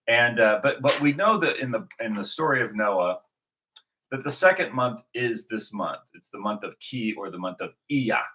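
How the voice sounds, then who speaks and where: A man talks through a loose religious monologue with a bright, forceful tone and a lowish voice. He rambles, restarts his sentences and fills pauses with ums and uhs. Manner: rambling, many restarts and fillers. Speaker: video host.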